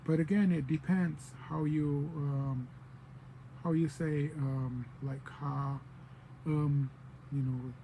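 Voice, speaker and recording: Mellow higher-voiced man teaching casually. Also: slow pace, creaky, slight background noise, low-quality recording. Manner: relaxed and digressive, with many fillers and playful quoted voices. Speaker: language teacher. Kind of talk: informal spoken language lesson.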